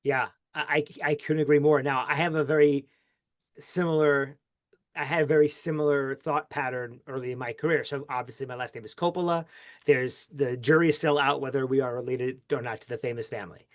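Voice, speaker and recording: A man hosting a podcast who tells a long personal story in a casual, animated way, with his pitch swinging widely. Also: fairly quick. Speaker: podcast host. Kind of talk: casual interview chat.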